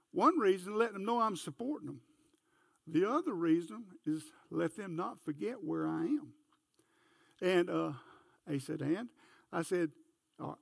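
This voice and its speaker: A man's voice: high-pitched, gravelly, no echo, studio quality. An older man, preaching a folksy sermon full of homespun stories. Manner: folksy storytelling, barks like a dog.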